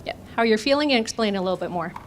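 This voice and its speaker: A woman trainer engages her conference-room audience during an interactive workshop, asking them questions and answering them herself. Her mid-range voice races along with lively intonation, over a faint hiss or hum.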